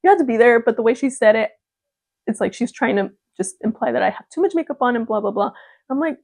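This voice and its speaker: A woman's voice: fairly high pitch, animated, fast, vocal fry, a little mellow, dry recording. A young woman vlogging in a casual chat to camera, talking freely and laughing often. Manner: chatty, laughs often, mimics gushing voices.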